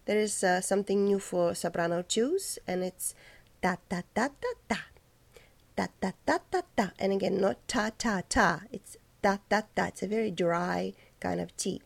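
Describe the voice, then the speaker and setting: A woman teaching a choir the diction of their parts, explaining slowly and precisely and breaking into high, light sung syllables to demonstrate. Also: creaky, a little mellow. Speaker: choir director. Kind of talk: choral diction lesson.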